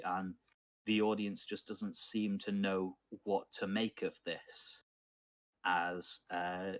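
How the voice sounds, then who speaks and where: A man narrating as game master of a tabletop game, unhurried and pausing often with fillers. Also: low voice. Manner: unhurried, thoughtful, with many filler pauses.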